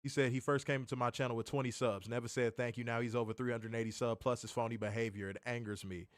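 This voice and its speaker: A man co-hosting a casual livestream, loud and joking. He swears freely, laughs often and swings from shouts down to mutters. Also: mid-range voice, fairly even intonation, fast, no echo, studio quality. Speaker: livestream co-host.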